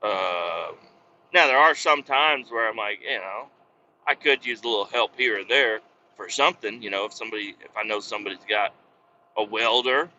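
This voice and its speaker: A man's voice: lowish voice, normal speed, sharp tone, highs cut off, a little hiss or hum. A man in his thirties hosting a podcast, rambling in a jokey, profane monologue. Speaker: podcast host.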